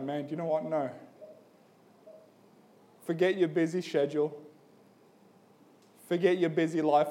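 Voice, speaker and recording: Higher-voiced man preaching casually. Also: dark tone. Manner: casual and storytelling, peppered with "like" and "man"; builds to an urgent appeal. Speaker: pastor. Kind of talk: conversational sermon.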